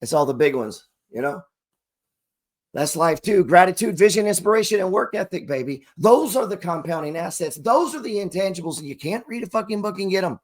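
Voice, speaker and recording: A middle-aged man with a high-pitched voice gives a motivational talk to camera. He talks in street slang and swears freely while coaching listeners on trading and money. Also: animated, fairly quick. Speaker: trading coach and channel host.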